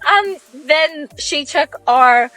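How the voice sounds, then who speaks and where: A woman's voice: high-pitched, animated, very slow, pushed and bright, no room sound, faint music behind, rough recording. A woman chatting to camera from inside a car, gushing and laughing as she talks about a diner. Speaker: travel vlogger. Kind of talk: casual chat to camera.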